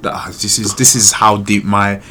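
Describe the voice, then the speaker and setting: A man co-hosting a podcast, chatting casually in an animated, slangy way and swearing freely. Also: lowish voice, moderate pace, slight background noise. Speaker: podcast co-host. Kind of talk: casual chat.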